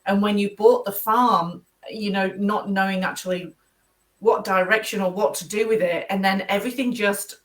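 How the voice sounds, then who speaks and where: A woman's voice: mid-range voice, fairly even intonation, moderate pace, distant mic. A woman hosting a casual interview, asking long encouraging questions. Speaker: host.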